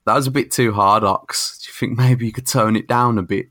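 A man's voice: medium pitch, steady tone, brisk, sharp tone, no echo, clean studio sound. A man voicing a male superhero who politely complains about being hit too hard. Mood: politely pained. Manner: mild, overly polite complaining. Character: polite male superhero taking punches on a set.

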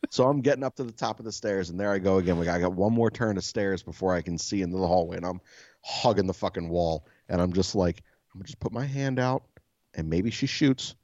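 A self-described soft-spoken man, a podcast co-host, telling a story casually, swearing freely and laughing often. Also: low-pitched, fast, no echo, dull audio.

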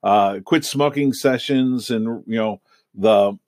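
A man's voice: fairly low pitch, slow pace, darkish tone, no room sound, studio quality. A middle-aged man, a hypnotist, telling a long personal story in a casual, rambling way with many fillers and restarts. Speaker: hypnotist and podcast host.

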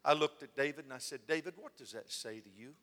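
A man preaching a sermon, telling a story with lively delivery and acting out the lines of the people in it. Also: mid-range voice, quick pace. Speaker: pastor. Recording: long hall reverb.

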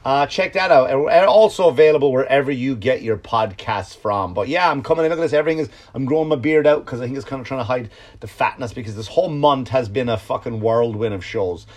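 Casting: Irish male podcast host, sarcastic and profane, mid-pitched voice, rambling comic delivery. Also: fast, few pauses. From Ireland. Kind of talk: comedic monologue.

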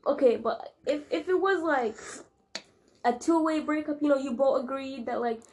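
Easygoing young woman, slightly high voice. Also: normal speed, a little mellow, a little hiss or hum. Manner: hesitant, filler-heavy, easygoing. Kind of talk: casual chat.

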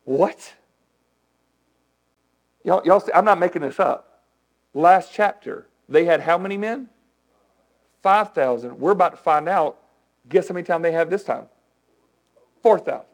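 Male pastor, animated conversational sermon, slightly high voice. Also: normal speed, long pauses, poor audio. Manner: animated, conversational preaching with audience questions.

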